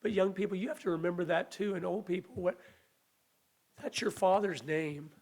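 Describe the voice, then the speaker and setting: Earnest high-voiced preacher, weak voice. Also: male voice, normal speed, darkish tone. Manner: earnest, conversational preaching with restarts and acted quotes. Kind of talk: sermon.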